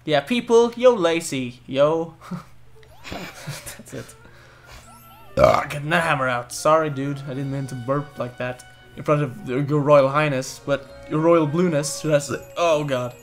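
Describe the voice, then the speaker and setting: A young man casually commentating a co-op platform game, excitable, cursing often and bursting into loud laughter. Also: on the high side, slow, long pauses, soft background music. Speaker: gaming video host. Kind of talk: casual let's-play commentary.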